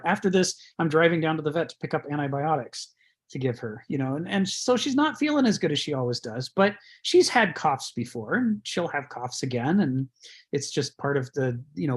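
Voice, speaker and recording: Rambling man giving a lecture, breathy. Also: fairly high pitch. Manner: rambling, chuckles often, many fillers. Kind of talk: conversational lecture.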